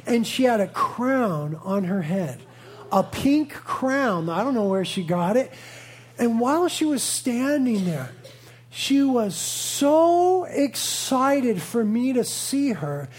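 A man's voice: very high-pitched, very animated, slow, slightly rough. A man in his thirties, a pastor preaching a sermon, telling a family story with playful asides and earnest conviction.

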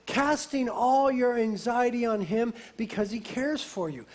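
A man with an unusually high voice delivers a sermon as a pastor. He preaches with lively emphasis and drops into an easy, conversational aside now and then. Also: measured pace.

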